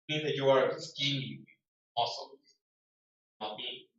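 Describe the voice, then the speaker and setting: A man's voice: on the high side, lively intonation, normal speed, a bit bright, a little hiss or hum. A man teaching an English vocabulary lesson in a classroom, reading word lists aloud and explaining words with acted examples. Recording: distant echoey classroom, dull lo-fi sound.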